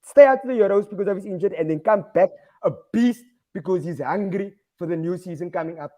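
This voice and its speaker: A man's voice: high voice, fast, warm tone. A man arguing football in a casual panel chat as a Manchester United supporter, emphatic and blunt, with some swearing.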